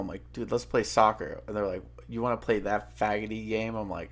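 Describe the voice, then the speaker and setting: A man's voice: on the low side, steady tone, a little fast, hardly any pauses, a bit bright. Laid-back man in casual chat. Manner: laid-back, hesitant, laughs often.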